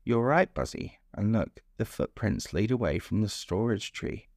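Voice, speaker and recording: A man's voice: lowish voice, expressive, unhurried, vocal fry, a little mellow, dry recording, studio quality, voice pushed up, exaggerated voice. A man voicing a plump, kind-hearted bear in a bedtime storybook, speaking earnestly. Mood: eager.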